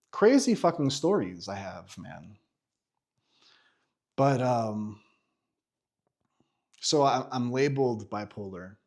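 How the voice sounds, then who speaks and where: A man in his thirties tells his own story straight to the camera, candid and animated, with lots of fillers and restarts along the way. His voice is mid-pitched, and he swears freely. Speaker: vlogger.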